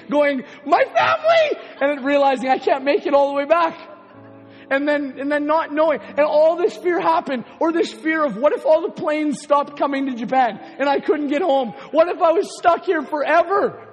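A man with a very high voice from Canada tells a sermon testimony, full of animated storytelling and acted-out quotes. His voice rings with a long reverb in a big hall. Soft music plays faintly underneath. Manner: animated storytelling, acting out his own quotes, laughing often. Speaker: preacher.

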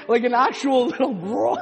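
A man's voice: very high voice, vocal fry. A man from Canada preaching a sermon testimony, telling his story with animation, acting out his own quotes and often laughing. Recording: long hall reverb with faint music.

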